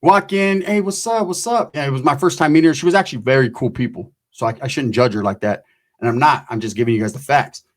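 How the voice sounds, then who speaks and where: A man's voice: mid-range voice, fast. A middle-aged man, telling a loose, profane story with slang and constant asides. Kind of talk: casual storytelling.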